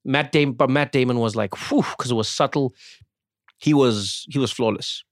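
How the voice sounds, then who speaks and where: A man with a South African accent, a podcast guest in casual chat who is animated and slips into impressions. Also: medium pitch, moderate pace, no echo, studio quality.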